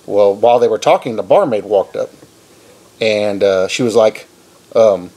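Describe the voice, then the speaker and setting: A man's voice: lowish voice, moderate pace. A man gives a casual storytelling sermon, talking in a rambling, conversational way. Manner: rambling, conversational, relaxed retelling. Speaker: Christian video preacher.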